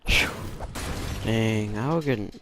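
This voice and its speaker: Against a noisy background, a gaming channel host with a fairly low voice talks at a slow pace. He tells a rambling, casual storytime, restarting often and using lots of fillers.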